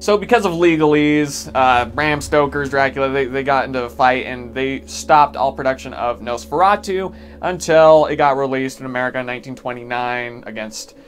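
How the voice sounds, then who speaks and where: A man narrating a history vlog, joking and irreverent between facts. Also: mid-range voice. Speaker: video essay host.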